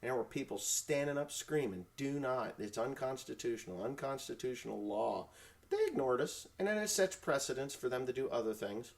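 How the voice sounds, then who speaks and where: A man's voice: medium pitch, expressive, a little fast, gravelly. A man hosting a casual farm talk show, ranting bluntly and swearing as he gets fired up. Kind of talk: casual ranting live chat.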